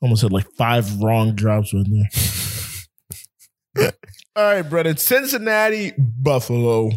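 A young man talks sports on a casual podcast. He gets heated and profane, rants hard, and laughs between points. His voice sits at an everyday middle pitch. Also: big pitch swings, unhurried, soft background music. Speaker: podcast co-host.

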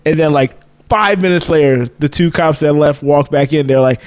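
A man's voice: on the high side, normal speed. A man co-hosting a podcast, telling a long rambling story in casual chat and laughing often. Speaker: podcast co-host.

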